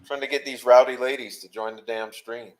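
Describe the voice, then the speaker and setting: A man hosting a live stream, chatting casually with quick joking asides. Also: mid-range voice, fairly even intonation, rough recording. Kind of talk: casual chat.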